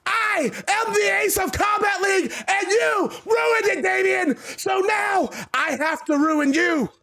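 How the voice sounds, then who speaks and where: A man's voice: extremely high pitch, sing-song, a little slow, gravelly, a bit bright, heavily acted. A man voicing a furious male wrestler who screams and curses threats. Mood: enraged. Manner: screaming, cursing.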